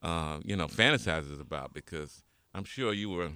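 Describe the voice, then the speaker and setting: A man's voice: sits low, lively intonation, normal speed, bright, forceful tone, clear, resonant tone, no room sound. A man co-hosting a casual talk show, teasing playfully and laughing often. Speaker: co-host. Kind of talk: casual chat.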